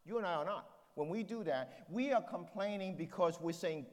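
A man's voice: sits high, big pitch swings, brisk, hardly any pauses, in a large hall. A man preaching a sermon as pastor, driving points home with rhetorical questions.

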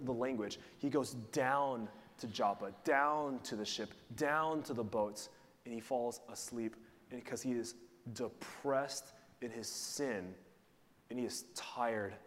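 A man giving a sermon as pastor, preaching in a conversational way and putting questions to the congregation. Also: medium pitch. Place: church sanctuary. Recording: long reverb of a large hall.

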